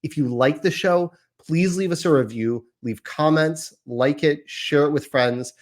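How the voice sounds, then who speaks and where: A man's voice: on the high side, measured pace. A man in his thirties hosting a casual podcast, talking in a chatty, rambling, self-deprecating way. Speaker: podcast host.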